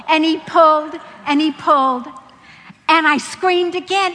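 Bright-voiced woman preaching in a hall. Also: sits high, a little slow, a little hiss or hum. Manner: animated, laughing storyteller. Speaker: Christian speaker. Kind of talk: sermon storytelling. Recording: long hall reverb.

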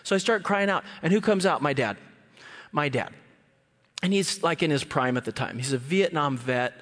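A male guest preacher telling stories from the pulpit, his voice a little higher than most men's. He acts out the scenes with sudden high-pitched cries. His voice rings with the long reverb of a big church hall. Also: normal speed. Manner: animated, jumps into high squeals when acting out scenes. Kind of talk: sermon with storytelling.

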